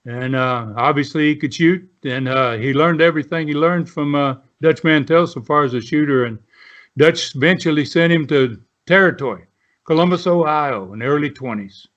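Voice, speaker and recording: A man's voice: fairly high pitch, normal speed, fairly bright tone. Older man telling stories over a dull line. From southern United States. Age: 70s. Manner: rambling with many fillers and restarts. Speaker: guest, retired pro wrestler. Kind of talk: casual storytelling.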